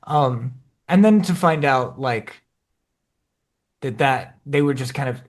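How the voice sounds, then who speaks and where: A man co-hosting a podcast in casual chat, animated, jumping up in pitch when he acts out his own reactions. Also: a little slow. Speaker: podcast co-host.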